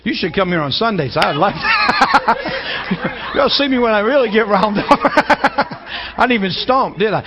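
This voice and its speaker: A man preaching a sermon as pastor, animated and emphatic, building to loud peaks. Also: high voice, a little slow, noisy background.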